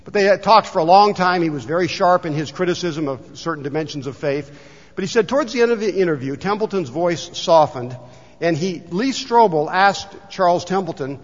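A pastor gives a sermon, a man with a somewhat high voice who tells stories and reads passages in an unhurried way. His words ring out with a long reverb in the sanctuary. The recording is dull and lo-fi. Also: expressive. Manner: storytelling, reads book passages aloud slowly. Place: church sanctuary.

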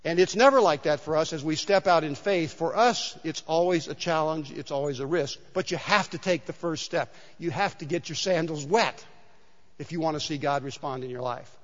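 High-voiced pastor preaching in a hall. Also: male voice, moderate pace. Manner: conversational storytelling with emphatic repetition. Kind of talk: sermon. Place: church sanctuary. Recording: dull sound with long hall reverb.

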